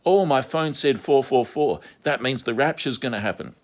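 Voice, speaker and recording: A man putting on a high, breathless voice to parody a naive, starry-eyed woman. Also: moderate pace, close to an everyday voice. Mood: gushing. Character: gushing naive woman making rapture videos.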